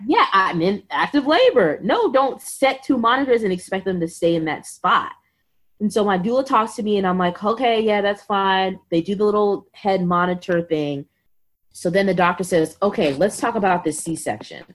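At a moderate pace and in a mid-range voice, a thirtysomething woman guesting on a podcast shares a casual personal story. She acts out quotes with animation and leans heavily on the word "like."

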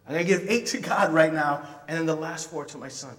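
High-voiced preacher in an echoing hall. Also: male voice, fairly quick, far from the mic. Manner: animated storytelling with playful asides. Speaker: pastor. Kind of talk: sermon. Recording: reverberant hall from off-mic.

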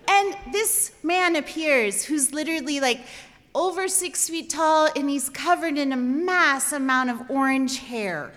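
A woman telling a comic personal story, animated and self-deprecating, with exasperated asides. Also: high voice. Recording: long hall reverb.

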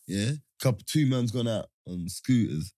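A man telling stories in casual slang, laughing often and drifting quieter mid-story. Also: on the low side, lively intonation, moderate pace, no room sound, studio quality.

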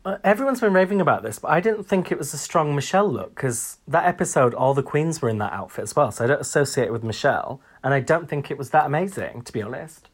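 A man's voice: fairly high pitch, expressive, fast, few pauses, breathy edge. A man co-hosting a podcast, chatting casually and opinionated, with frequent ums. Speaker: podcast co-host. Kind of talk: casual chat.

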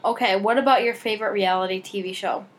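A woman co-hosting a podcast, talking playfully with quick exclamations and jokey impressions. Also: medium pitch, fairly even intonation. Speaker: podcast co-host. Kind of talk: casual chat.

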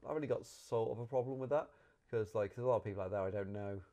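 A man's voice: lowish voice, quick pace. A man, chatting casually about a film as a podcast host, rambling and restarting his sentences. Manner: rambling, animated, self-correcting. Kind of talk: casual movie review chat.

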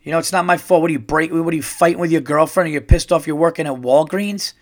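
A middle-aged man hosting a podcast, telling a comedic story in a profane, animated rant and acting out the quotes. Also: fairly high pitch, fast talker. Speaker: podcast host. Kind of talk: ranting comedic monologue.

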